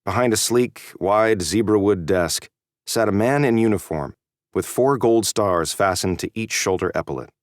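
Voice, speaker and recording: A man giving a steady, measured scripted narration of an audiobook. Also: on the low side, no room sound, studio quality.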